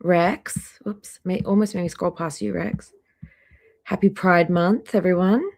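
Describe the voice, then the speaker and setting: A woman hosting a casual live stream, chatty and greeting viewers by name one after another, a little hoarse, talking into a laptop microphone indoors. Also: lowish voice, fairly even intonation, measured pace, darkish tone. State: slightly hoarse, clearing throat. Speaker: livestream host. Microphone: laptop microphone near trackpad.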